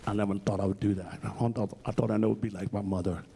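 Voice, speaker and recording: Blunt, mellow-voiced man speaking candidly. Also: on the low side, fairly even intonation, fast talker, vocal fry, slight background noise. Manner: blunt, emphatic, swears freely. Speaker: interview guest. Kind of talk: candid on-stage interview. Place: public library event.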